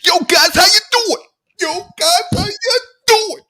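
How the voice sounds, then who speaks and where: A shrieking Philly sports fan. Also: male voice, slow pace, bright, forceful tone, exaggerated voice. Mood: excited. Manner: shrieking, high and laughing. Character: loud excitable male Philly sports fan.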